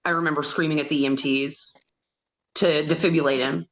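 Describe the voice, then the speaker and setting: A woman guest on an interview podcast, retelling a painful memory in an earnest, halting way and acting out other people's words as she goes. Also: low-pitched, steady tone. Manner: acts out others' words in quoted dialogue. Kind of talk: personal storytelling in an interview.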